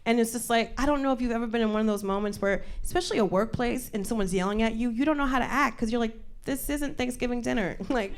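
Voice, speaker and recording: A woman's voice: a little high, quick pace, hardly any pauses, slight background noise. A woman comedian hosting a live show, telling a profane story with lots of laughing and acted-out voices. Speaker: comedian host. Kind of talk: stand-up storytelling monologue. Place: live audience show room.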